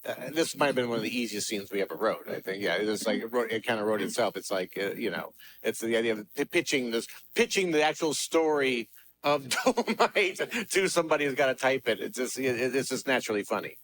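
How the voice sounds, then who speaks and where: A man's voice: mid-range voice, lively intonation, brisk, a bit bright. A man, a screenwriter, chatting casually on a panel, chuckling through loose, filler-filled stories. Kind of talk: panel discussion.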